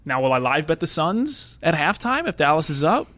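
A man's voice: fairly high pitch, sing-song, normal speed, bright, forceful tone, no room sound. A man hosting a podcast, chatting casually about game picks and thinking aloud with frequent restarts. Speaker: podcast host. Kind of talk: casual sports betting chat.

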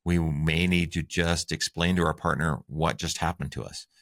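A man's voice: extremely low pitch, fairly even intonation, normal speed, gravelly, a bit bright. A man co-hosting a relationship advice talk show, upbeat and conversational as he shares tips. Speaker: co-host.

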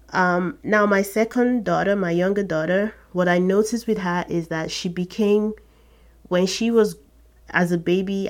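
A woman with a lowish voice talks slowly and unhurriedly as a podcast host. She tells a personal story to her listeners, earnest and reflective, and breaks into short laughs now and then.

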